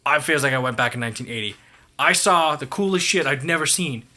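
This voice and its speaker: A man's voice: medium pitch, fast, pushed and bright. A man from Canada in casual podcast chat, swearing freely and telling stories. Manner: swearing, storytelling. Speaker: podcast guest.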